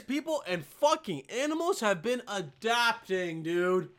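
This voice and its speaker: In a high voice at a measured pace, a young Bosnian podcast host rants on his casual solo show. He's animated and profane, repeatedly calling listeners "dude" and "man."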